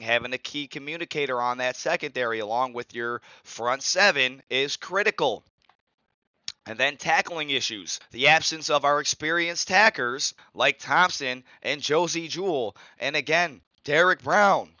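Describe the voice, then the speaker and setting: A man's voice: fairly high pitch, sharp tone, no room sound, muffled recording. A man hosting a sports podcast, ranting in a heated, profane, repetitive way. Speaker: podcast host. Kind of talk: angry sports podcast rant.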